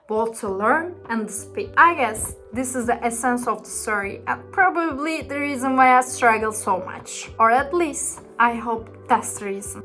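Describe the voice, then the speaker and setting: Turkish-accented woman explaining, slightly high. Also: a bit bright. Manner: careful, earnest explaining with some non-native phrasing. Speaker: educational video creator. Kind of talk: scripted explanatory narration.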